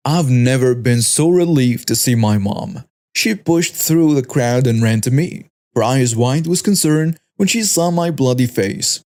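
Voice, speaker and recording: A man's voice: mid-range voice, expressive, normal speed, darkish tone. A man reading a scripted first-person story with a dramatic storytelling delivery. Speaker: story narrator.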